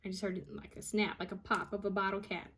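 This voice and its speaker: A woman psychic medium reading out channeled messages, repeating each word she hears and pausing often with ums. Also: mid-range voice, fairly even intonation, fairly bright tone, slightly rough. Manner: hesitant with frequent ums.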